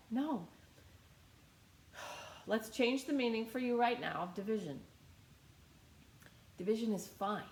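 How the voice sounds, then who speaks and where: A woman's voice: a little high, expressive, slow, pauses often. Woman meditation teacher, casual and repetitive, echoey room. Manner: casual, chatty, repeats phrases. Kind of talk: guided meditation talk.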